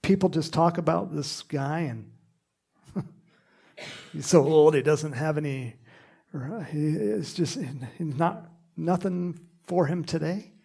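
A man preaching a sermon in an animated, conversational way, with asides and laughs. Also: on the high side, slow, gravelly, breathy edge.

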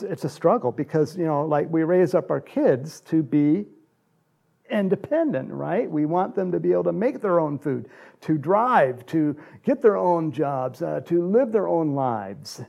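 Gravelly, mellow-voiced chuckling preacher man. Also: fairly high pitch, very animated, a little slow. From United States. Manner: rambling, chuckling, many restarts and fillers. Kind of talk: conversational sermon with anecdotes.

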